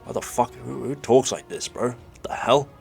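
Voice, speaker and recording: A young man telling a confessional comedy story in a profane, rambling, excitable way. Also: mid-range voice, moderate pace, vocal fry, husky, soft background music. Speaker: vlogger.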